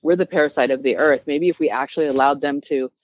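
A woman's voice: low-pitched, quick pace, slight background noise. A woman guest on a casual podcast, arguing bluntly and with passion. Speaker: guest, vegan advocate.

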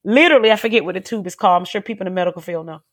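A woman's voice: medium pitch, rapid-fire. Emotional woman telling a personal testimony. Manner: emotional, repetitive, earnest storytelling. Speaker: guest sharing a testimony.

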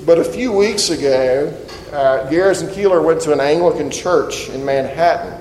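A pastor giving a conversational sermon and leading a closing prayer. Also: male voice, on the high side, normal speed, a little mellow. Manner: conversational preaching, ending in prayer. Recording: roomy hall reverb, faint noise.

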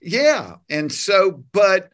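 This man's voice is high-pitched and very slow. A comedian from Georgia with a Southern US accent, he tells plainspoken, folksy, animated stories as a guest in a casual interview.

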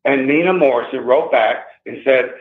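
A man's voice: mid-range voice, moderate pace. A man in his sixties, an interview guest, telling his own story in an emphatic, agitated way and repeating himself. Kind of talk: emotional first-person account. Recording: tinny phone line with echo.

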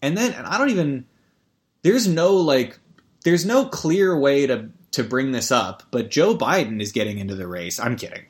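A man's voice: mid-range voice, expressive, normal speed. A man hosting a podcast in a rambling, stammering comic rant full of swearing and restarts. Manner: rambling, stammering, profane, jumps to mock ad reads. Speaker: podcast host. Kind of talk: rambling comedic podcast chat.

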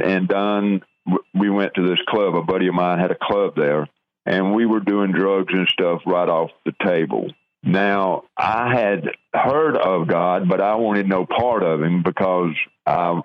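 An older man tells his life story in a plain, halting way, stumbling and restarting as he goes. His voice sits low. It comes through a dull, lo-fi radio broadcast. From Georgia, US. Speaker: guest telling his conversion testimony. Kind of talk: personal testimony in an interview.

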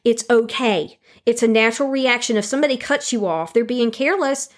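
A woman's voice: on the high side, fairly quick. Earnest woman teaching about emotions. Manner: calm, earnest, speaks directly to the listener; repeats key phrases for emphasis. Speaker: Christian self-help speaker. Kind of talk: teaching monologue on handling anger.

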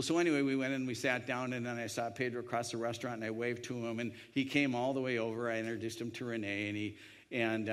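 A man telling a personal anecdote in a rambling way, with many restarts and voiced quotes. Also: mid-range voice. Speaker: storyteller. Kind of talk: anecdotal storytelling.

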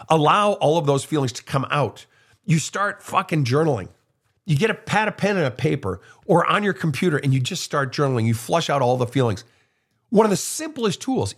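Middle-aged male advice host, casual and profane, very animated delivery. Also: on the high side, husky. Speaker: host, soul counselor. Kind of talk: casual advice monologue answering questions.

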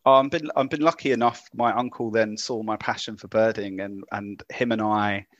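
A man's voice: lowish voice, steady tone, moderate pace, fairly bright tone, no echo, muffled recording. A man from the UK with an English accent turning Kiwi, chatting as a podcast guest with many ums and restarts. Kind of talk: casual interview chat.

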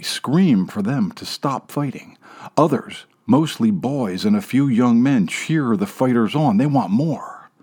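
A man reading a story aloud as narrator, wry and sardonic, dropping into hushed asides. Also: mid-range voice, breathy edge. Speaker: audiobook narrator. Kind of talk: scripted narration.

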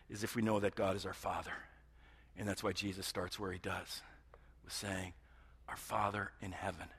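A man preaching a sermon as pastor, moving between loud emphatic passages and hushed near-whispers. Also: mid-range voice.

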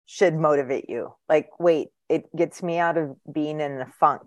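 A woman co-hosting a casual podcast, speaking in a lively, playful, teasing way. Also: low-pitched, dry recording. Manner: lively and playful, quick to tease. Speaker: podcast co-host.

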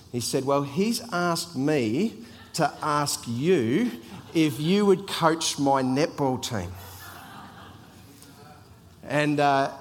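Middle-aged aussie guy, chatty sermon story, slightly high voice, big echoey church hall. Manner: chatty, anecdotal, repeats words. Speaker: church ministry team member. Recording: long hall reverb.

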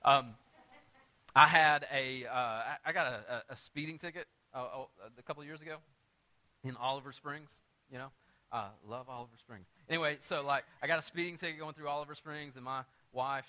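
Male pastor, bright and a bit high-pitched, animated storytelling sermon. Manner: animated, swings from quiet storytelling to loud emphatic preaching.

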